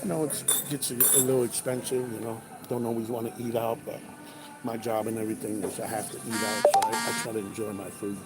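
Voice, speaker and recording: A man's voice: fairly low pitch, little pitch movement, a little fast. A man, a truck driver, chatting casually on a livestream, reading viewers' comments aloud over breakfast. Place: truck stop restaurant. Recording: noisy restaurant ambience.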